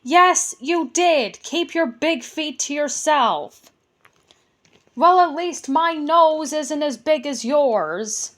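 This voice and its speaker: A woman voicing gruff, rude goblins who squabble and snap at each other in a storybook reading. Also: high-pitched, lively intonation, takes it slowly, pitched above the performer's own voice, full character voice. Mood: cross, squabbling. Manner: gruff, snapping, shouting.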